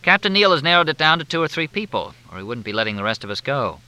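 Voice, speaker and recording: A sharp male reporter who probes with mild, wry questions, played by a man reading aloud. His voice is bright and forceful, lively in pitch. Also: fast talker, no echo, exaggerated voice, low-quality recording. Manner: wry, probing.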